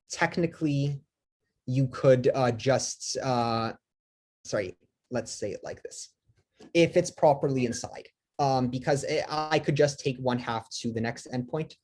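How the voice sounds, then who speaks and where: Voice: mid-range voice, darkish tone. A lecturer giving a live math lecture, talking with many fillers, restarts and self-corrections, and asking the class questions.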